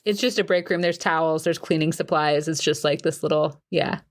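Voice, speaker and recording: A woman's voice: sits low, steady tone, a little fast, a little hiss or hum. A woman narrating as game master, casual and chatty with many fillers.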